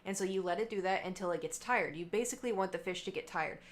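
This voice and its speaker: A woman's voice: mid-range voice, fast. A young adult woman livestreamer in casual chat with her viewers, telling a rambling story full of fillers and asides.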